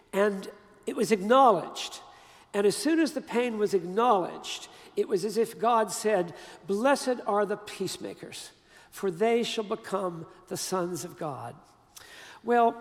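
An older man preaches in a high, gravelly voice, telling his story conversationally and leaning hard on key words. His voice rings out with a long reverb, as from a big hall. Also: a little mellow. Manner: conversational, emphatic storytelling with pauses and restarts. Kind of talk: storytelling sermon.

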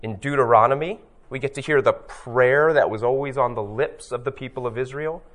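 A man giving a teaching talk on scripture, his voice at an ordinary middle pitch. He speaks reflectively, telling the story step by step and slowing down to land the key phrases. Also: fairly bright tone. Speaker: Bible teacher.

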